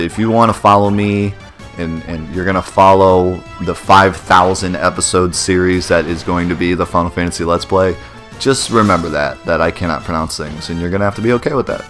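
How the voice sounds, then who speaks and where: A man's voice: low-pitched, normal speed, fairly bright tone, soft background music. A young man hosting a let's play, chatting casually and rambling in a self-deprecating way as he plays. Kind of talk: casual gameplay commentary.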